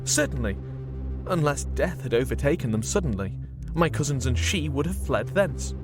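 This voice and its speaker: A man's voice: medium pitch, expressive, normal speed, music in the background. A young man reads a novel aloud and breaks off into chatty, rambling comic asides. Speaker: podcast host reading a novel. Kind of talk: audiobook reading with comic commentary.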